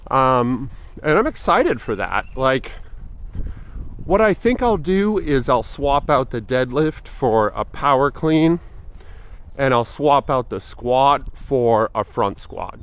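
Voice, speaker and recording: A man's voice: medium pitch, sing-song, takes it slowly, fairly bright tone. A man in his forties talking casually in a fitness vlog, thinking aloud with frequent fillers and restarts. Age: 40s. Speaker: fitness vlogger.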